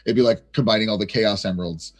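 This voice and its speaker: A man's voice: fairly low pitch, fast talker, soft background music. A man chatting casually on a live stream, rambling playfully and stammering through many restarts. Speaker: chat show panelist.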